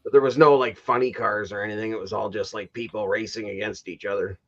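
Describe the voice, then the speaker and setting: A man's voice: fairly low pitch, fairly even intonation, fast, a bit bright, highs cut off. A man from Canada hosting a casual livestream chat, telling rambling stories full of fillers and restarts and laughing at his own stories. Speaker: livestream host.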